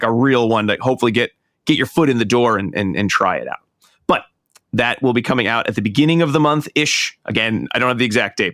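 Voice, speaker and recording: A man's voice: medium pitch, fairly bright tone, no echo. A man rambles along as a podcast co-host, circling back with fillers and restarts. His voice sits in a mid range. It is recorded close and dry on a studio mic. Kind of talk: casual podcast chat.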